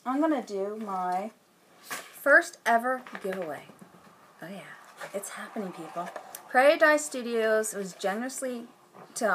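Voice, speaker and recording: A woman's voice: fairly high pitch, a bit bright, a little hiss or hum. A woman hosting her own knitting podcast at home, chatting casually to the camera in a rambling way with lots of fillers and restarts. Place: at home, indoors.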